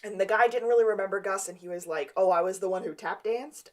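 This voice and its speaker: A woman's voice: mid-range voice, fast. A woman co-hosting a podcast, casually recapping a TV episode and retelling scenes with quoted lines. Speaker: podcast co-host.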